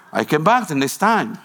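Slow-paced pastor preaching. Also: male voice, on the high side, bright, forceful tone, husky. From Guatemala. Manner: storytelling, with broken phrasing and repeated restarts. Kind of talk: sermon.

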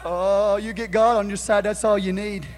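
Male pastor, high voice, fervent call-and-response preaching, live church recording. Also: little pitch movement, a little fast, faint music behind. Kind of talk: sermon.

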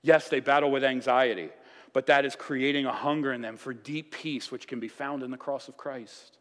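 A man preaching a sermon, telling the story in a lively, casual way and acting out voices. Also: mid-range voice, normal speed. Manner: animated storytelling, acts out voices with casual asides. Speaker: pastor. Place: church sanctuary. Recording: long reverb of a church hall.

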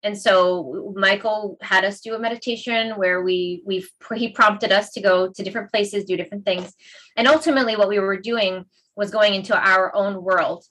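A middle-aged woman, a meditation teacher, telling a heartfelt story in a casual conversation, animated and emotional. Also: mid-range voice, moderate pace, rough recording.

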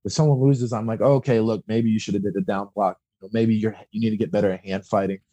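A man's voice: fairly low pitch, fairly even intonation, quick pace, mellow, no echo. A young man, a wrestling coach, talking candidly and bluntly in a casual podcast chat, swearing freely and acting out quotes.

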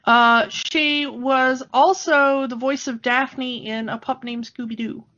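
A woman's voice: high-pitched, steady tone, slow pace, bright, forceful tone. A woman in her thirties co-hosting a podcast, chatting casually and laughing often. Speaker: podcast co-host. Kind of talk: casual chat. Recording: dull lo-fi sound.

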